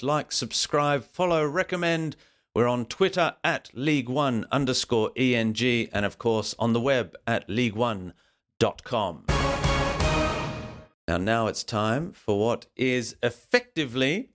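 A man hosting a football podcast in a playful, jokey, promotional way. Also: mid-range voice. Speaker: podcast host.

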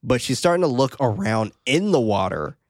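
A man hosting a podcast, recapping a horror film in a casual, profane, animated way. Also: medium pitch, normal speed, no room sound, clean studio sound. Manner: animated, profane, laughing often. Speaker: podcast host.

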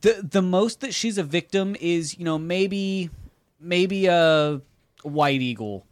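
A man's voice: high voice, slow, dry recording. A man co-hosting a podcast in casual chat, blunt, opinionated and swearing freely. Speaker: podcast co-host.

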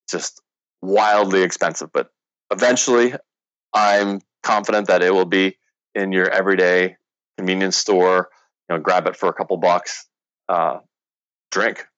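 Man, low voice, rambling and loose, dull dry recording. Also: fairly bright tone, no room sound. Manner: rambling, many fillers. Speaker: founder of a sports drink company. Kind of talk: casual interview storytelling.

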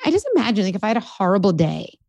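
Gravelly-voiced woman psychologist guest. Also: medium pitch, big pitch swings, rapid-fire, no room sound, lo-fi sound. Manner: warm explaining, reassuring, with verbal fillers. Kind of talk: conversational interview.

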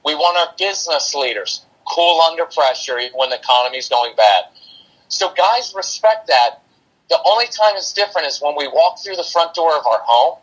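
On a low-quality recording, a man with a fairly high, husky, fairly bright voice speaks animatedly at a moderate pace. He's a parenting coach on a casual podcast, down-to-earth and practical, drily sarcastic, and fond of explaining with analogies.

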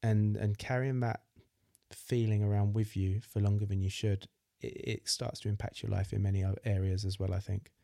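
A man's voice: lowish voice, level tone, moderate pace, gravelly, dark tone, no echo, studio quality. A man hosting a podcast, talking supportively with his guest and repeating words as he gathers his thoughts. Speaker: podcast host. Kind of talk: casual interview chat.

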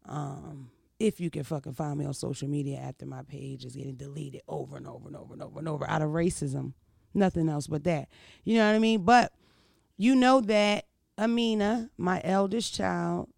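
Blunt, profane woman with a gravelly voice. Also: low voice, steady tone, moderate pace, darkish tone, no echo, clean studio sound. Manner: blunt, profane, keeps asking "you know what I mean". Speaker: vlogger. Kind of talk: casual storytelling chat.

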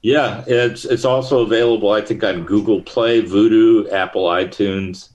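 A man's voice: lowish voice, fairly even intonation, moderate pace, a little mellow, dull audio. A middle-aged man, a guest in an interview, telling stories in a rambling way with many fillers and restarts. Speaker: actor and guest. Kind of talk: casual interview chat.

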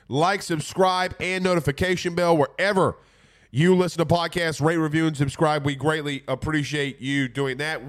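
A man with a stuffy, congested voice, hosting a casual sports talk show and rambling through viewer comments. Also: on the high side. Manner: laid-back, rambling with fillers. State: congested from a cold. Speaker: podcast host.

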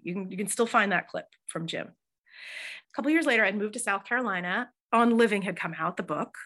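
A middle-aged woman, a hospice chaplain, telling stories in an interview with emphatic, animated delivery and frequent fillers. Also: mid-range voice. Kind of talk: conversational storytelling interview.

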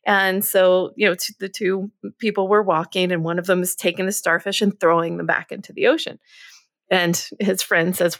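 A woman's voice: fairly low pitch, steady tone, moderate pace, no echo. Woman cohost telling a story, laughs a lot, dead dry sound. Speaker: podcast co-host. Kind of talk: casual conversational storytelling.

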